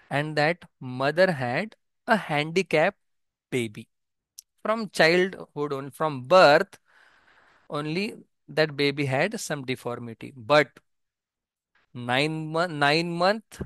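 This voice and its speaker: A man's voice: on the high side, a bit bright, no echo. Man chanting and explaining scripture. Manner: chants verses in Marathi, then explains in plain English; asks and answers his own questions. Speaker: spiritual teacher. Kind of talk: scripture commentary lecture.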